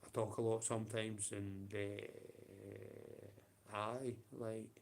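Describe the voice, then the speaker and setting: A man's voice: fairly low pitch, flat delivery, very slow, gravelly. A man with a Scottish accent ranting on a livestream, profane and confrontational, with blunt taunts.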